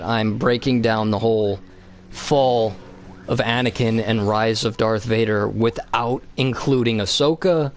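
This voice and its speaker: A man streaming a game who rambles through a profane, animated retelling in casual chat. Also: medium pitch, a little hiss or hum. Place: home basement.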